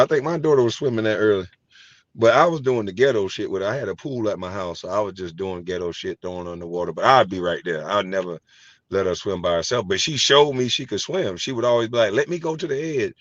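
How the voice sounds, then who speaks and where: A middle-aged man with a low voice tells animated, profane stories in a relaxed chat. He laughs easily as he talks. The sound is dry and a little dull. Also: fast talker, no room sound. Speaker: host. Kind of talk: casual chat.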